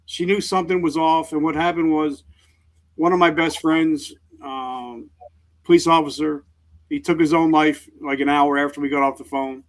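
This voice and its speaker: A middle-aged man, a veteran guest on an interview show, speaking earnestly and openly in halting sentences. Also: on the high side, fairly even intonation. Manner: earnest, halting, emotionally open. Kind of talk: candid interview talk.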